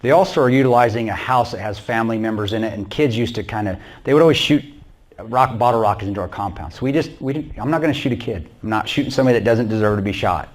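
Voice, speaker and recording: A man's voice: on the low side, fast. A man giving a blunt, intense personal war story to a church audience. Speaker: guest speaker.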